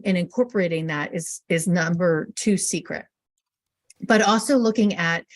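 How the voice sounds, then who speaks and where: A middle-aged woman giving a live webinar talk on event planning, telling chatty stories with fillers and restarts. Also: fairly low pitch.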